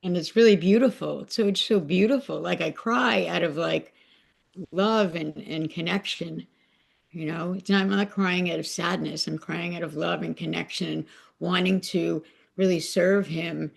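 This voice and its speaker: A woman's voice: lowish voice, fairly even intonation, moderate pace, creaky, husky. A woman on a podcast sharing a personal devotional story, talking emotionally and rambling with many fillers. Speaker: podcast guest. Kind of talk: casual heartfelt sharing.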